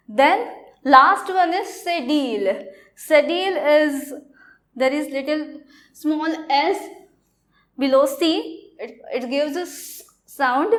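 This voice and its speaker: A woman teacher slowly explaining a French lesson, pausing often to say okay. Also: high-pitched, expressive. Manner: slow and explanatory, with frequent okays. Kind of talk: classroom lesson.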